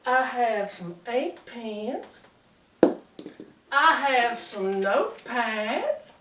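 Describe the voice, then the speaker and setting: A man's voice: extremely high pitch, very animated, drawn-out words, very noisy, full character voice. A man putting on a coy Southern belle. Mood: flirty. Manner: coy, drawling, sugary. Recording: roomy sound from a distant mic.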